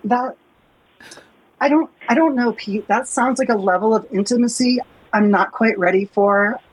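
A woman's voice: fairly high pitch, normal speed, breathy edge, no echo, poor audio. A woman making a prank call, dry and mock-prim as she jokes. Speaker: co-host, prank caller.

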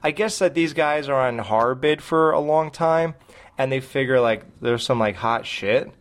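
A man's voice: medium pitch, moderate pace. A man co-hosting a podcast, ranting in a profane, sarcastic way in casual chat. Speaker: podcast co-host.

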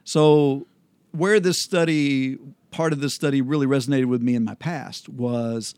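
A man hosting a casual Bible study chat, explaining scripture in a relaxed way with frequent ums and restarts. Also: medium pitch, measured pace, smooth, no room sound.

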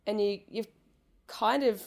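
A woman from Australia with an Australian accent, chatting casually on a podcast, bubbly and quick to laugh. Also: medium pitch, gravelly, a little mellow. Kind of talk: casual chat.

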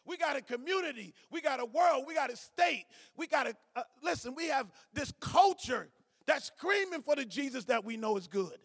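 A man preaching a sermon as pastor, calling to the congregation, swinging from shouts to low asides. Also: lively intonation, normal speed. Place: church sanctuary. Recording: church hall reverb.

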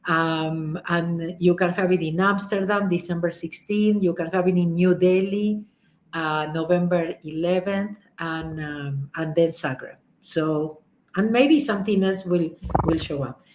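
Low-voiced woman. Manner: warm, chatty, repeats thanks, frequent fillers. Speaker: spiritual teacher hosting a live stream. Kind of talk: casual live-stream talk and guided recitation. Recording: echoey room on a live-stream mic.

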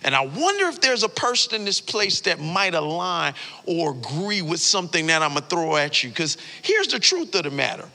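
A male pastor preaching a sermon in a church, telling stories in casual slang with animated delivery. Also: fairly high pitch, normal speed, hardly any pauses. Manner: animated storytelling, casual slang, frequent "like" fillers. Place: church sanctuary. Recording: long hall reverb.

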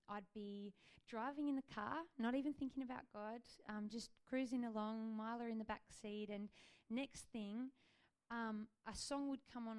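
Gentle earnest woman sharing her faith. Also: on the high side. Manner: gentle, earnest, with frequent ums and likes. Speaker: Christian speaker sharing faith testimony. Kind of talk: personal faith talk.

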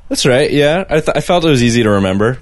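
A man's voice: medium pitch, animated, fast, no echo. A man who is a guest graphic designer on a casual podcast chat, easygoing with dry humor.

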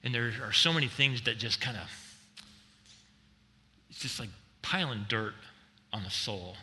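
A middle-aged man preaching a sermon as a pastor, swinging between loud emphatic lines and soft, slow reflective passages. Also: medium pitch, expressive. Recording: long reverb in a large hall.

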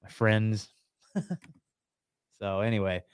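A man's voice: on the low side, little pitch movement, takes it slowly, clean tone, no echo. A man appearing as a guest on a casual podcast, rambling and conspiratorial, with many fillers and restarts.

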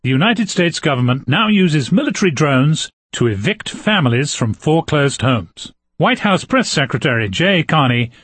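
A man reading mock news as the anchor, deadpan and crisp, with a husky voice. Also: on the high side, normal speed, dry recording.

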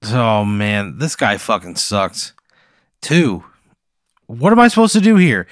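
A man playing along with a comic hypothetical, answering in low-key, deadpan, profane replies. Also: takes it slowly, long pauses, no room sound, clean studio sound. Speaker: podcast co-host answering a hypothetical. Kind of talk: casual comedic chat.

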